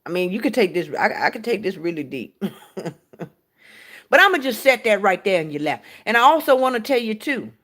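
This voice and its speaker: A woman's voice: medium pitch, big pitch swings, fairly quick, fairly bright tone. A woman hosting a casual spiritual talk, speaking frankly and with profanity while she puts rhetorical questions to her listeners. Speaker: podcast host.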